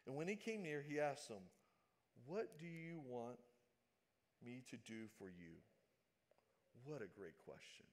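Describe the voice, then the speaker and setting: A man preaching a sermon, swinging between loud dramatic calls and quiet, hushed asides. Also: medium pitch, expressive, a little slow, pauses often.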